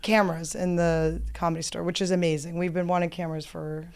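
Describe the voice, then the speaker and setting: A woman's voice: lowish voice, little pitch movement, brisk, darkish tone, smooth. A woman hosting a podcast in a studio, rambling through self-mocking comic stories in casual chat. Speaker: podcast host.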